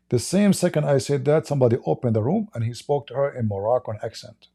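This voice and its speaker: A man hosting a livestream and telling a story in rapid, emphatic, non-native English. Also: medium pitch, expressive, vocal fry, warm tone, husky. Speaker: livestream host.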